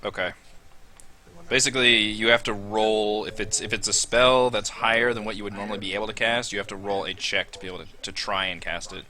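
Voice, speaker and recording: Halting dungeon master, bright voice. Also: male voice, lowish voice, fairly even intonation. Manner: halting, many fillers. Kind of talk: narrating a tabletop game.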